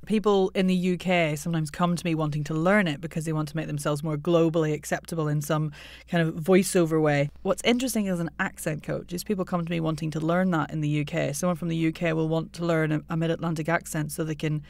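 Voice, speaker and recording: A woman who works as a coach, explaining things in a clear, teacherly way as a podcast guest. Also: deep voice, fairly even intonation, fast talker, hardly any pauses, darkish tone, no room sound. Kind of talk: casual interview chat.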